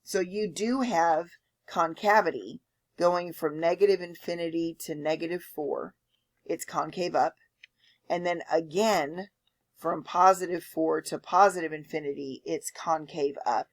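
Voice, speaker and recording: A woman's voice: fairly low pitch, fairly even intonation, a little slow. A woman teaching a math lecture, explaining step by step and often checking in with "okay?". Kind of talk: lecture with board work.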